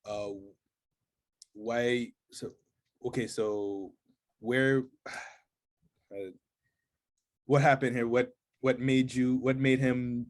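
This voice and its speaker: A man playing a tabletop game, halting and playful, laughing between his lines. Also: medium pitch, level tone. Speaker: player.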